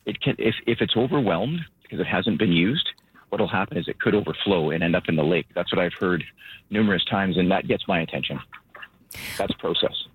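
Man, low husky voice, out of breath, rambling restarts, tinny phone line. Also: no room sound. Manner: earnest, rambling, halting restarts. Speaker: local government emergency spokesperson. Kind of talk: phone interview. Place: outdoors at his vehicle.

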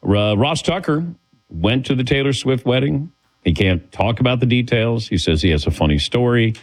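A man's voice: medium pitch, animated, normal speed, poor audio. A man hosting a sports talk show, chatting casually and laughing often as he calls on his co-hosts. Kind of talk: casual radio show banter.

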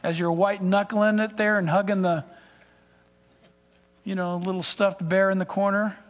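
A man preaching a sermon as a pastor, emphatic, swinging between loud declarations and hushed asides. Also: sits high, level tone, normal speed. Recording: long hall reverb.

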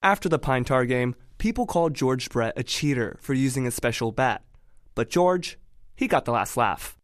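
A man's voice: mid-range voice, expressive, normal speed, no echo. A man narrating a radio story in a wry, playful way. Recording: music bed under voice.

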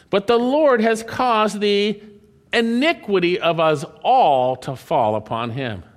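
A man preaching a sermon, reading scripture aloud with emphatic delivery. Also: high-pitched. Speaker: pastor.

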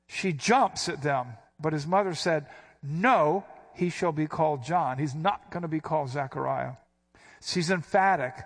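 A man preaching an expository sermon who explains Greek words and gives quoted speech a sudden, emphatic punch. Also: fairly high pitch.

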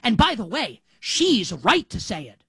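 Animated man giving sports commentary. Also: sits high, measured pace, husky, no room sound. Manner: animated, heavy use of "like". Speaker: sports talk host. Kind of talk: opinionated sports commentary monologue.

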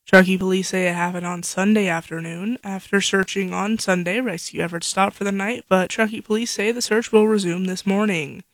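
A female local news anchor reading headlines in a steady, measured way. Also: mid-range voice, dry recording.

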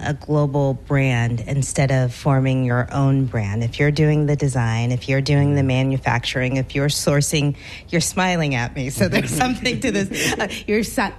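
Deep-voiced woman reporter asking questions. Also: slight background noise. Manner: probing, friendly questions. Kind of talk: field interview.

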